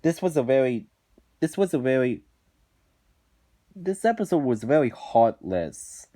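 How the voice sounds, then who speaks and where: A man's voice: mid-range voice, very animated, measured pace, mellow. A man reviewing cartoon episodes in a ranting commentary, indignant and exasperated, often restarting his sentences.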